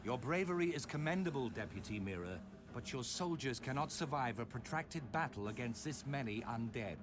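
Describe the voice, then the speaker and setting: An actor playing a grave male commander in a game, speaking in a formal, measured way. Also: medium pitch, expressive, over music, close to an everyday voice.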